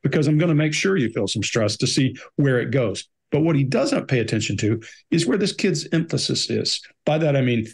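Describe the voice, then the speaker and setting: A man's voice: mid-range voice, gravelly, darkish tone, breathy edge. A man on a behavior analysis panel, giving blunt, emphatic commentary on an interrogation.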